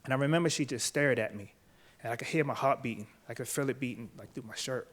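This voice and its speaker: An earnest man speaks at a middle pitch, measured and steady. His voice drops quiet when the story turns heavy, and he tells it like a talk given on a stage. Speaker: author and speaker. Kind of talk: personal storytelling talk, then interview answers. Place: event stage before a live audience.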